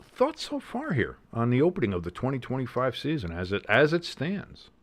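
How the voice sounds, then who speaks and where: A man with a New Jersey accent hosting a casual live watch-along, calling plays with excitement, swearing and joking. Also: mid-range voice, moderate pace. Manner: excited play-by-play with swearing and jokes. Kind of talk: casual live game commentary.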